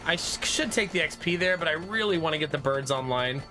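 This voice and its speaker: Brief: male game streamer, high bright voice, chatty and laugh-prone, faint game music underneath. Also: lively intonation, brisk. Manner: chatty, laughs often, reads out viewer comments. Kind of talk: casual live-stream chat.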